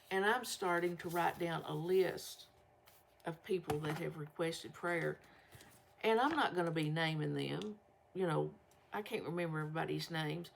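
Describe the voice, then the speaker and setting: An older woman chats casually to her viewers. She talks in a folksy, rambling way. Her voice sits on the low side and has a gravelly rasp. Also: a little hiss or hum. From Southern United States. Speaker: vlog host.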